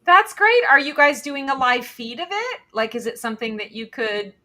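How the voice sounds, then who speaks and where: A woman co-hosting a livestream as a tarot reader, chatting casually in a blunt, animated way over a video call. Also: sits high, normal speed. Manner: blunt, animated, swears freely.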